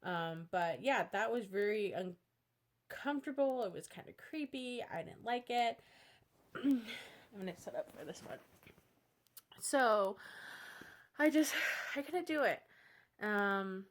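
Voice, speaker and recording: A woman's voice: medium pitch, expressive, slow pace, pauses often. A young woman vlogging, telling dating stories in a chatty, dramatic, candid way. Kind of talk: casual storytelling vlog.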